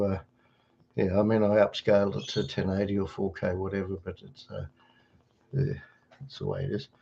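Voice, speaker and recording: A man's voice: fairly low pitch, vocal fry, a little mellow, slightly rough. Chatty Australian man on a webcam livestream. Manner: rambling, chatty, chuckling, greets viewers by name. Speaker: livestream host. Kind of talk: casual livestream chat answering viewers. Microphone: webcam microphone. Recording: slightly dull webcam audio.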